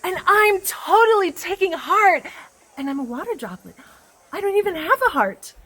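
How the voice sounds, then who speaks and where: A woman's voice: very high voice, very animated, normal speed, sharp tone, full character voice. A woman playing a chatty female water droplet in a comic children's sermon skit, telling her story with gushing drama. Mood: excited storytelling.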